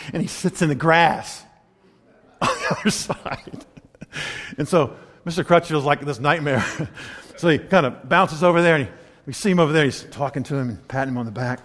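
A man preaching a sermon, telling a story animatedly and acting out the scenes. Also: medium pitch. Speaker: pastor. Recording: long hall reverb.

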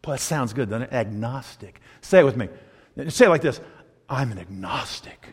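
A male pastor delivers a sermon with lively, swooping inflection. He slips into mocking voices to act out the people he quotes and breaks into laughter often. The sound carries a long reverb, as if recorded in a large hall. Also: mid-range voice, a little fast, husky.

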